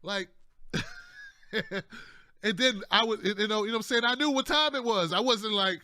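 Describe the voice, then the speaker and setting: A man's voice: sits high, normal speed, pauses often, sharp tone, no room sound, studio quality. A man hosting casual political commentary, loose and conversational, often tacking on "man" and jokey asides. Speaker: political commentator, show host.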